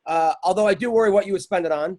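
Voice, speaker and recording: A man's voice: high-pitched, very fast, a little mellow. A man hosting a casual podcast chat, teasing and laughing with guests. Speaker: podcast host.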